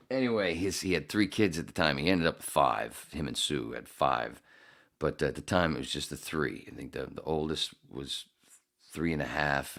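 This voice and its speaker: A man's voice: extremely low pitch, vocal fry, a bit bright. A middle-aged man hosting a podcast, telling a rambling, profane story with frequent laughs. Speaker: podcast host. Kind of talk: casual storytelling.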